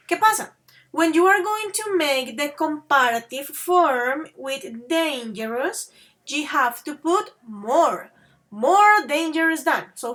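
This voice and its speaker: A woman English teacher with a high voice leads an online grammar class. She talks slowly and carefully, addressing her students as dears and babies. She slips into now and then to make a rule clear. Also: fairly bright tone. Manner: slow and patient, calls students babies and dears; switches between English and Spanish to explain.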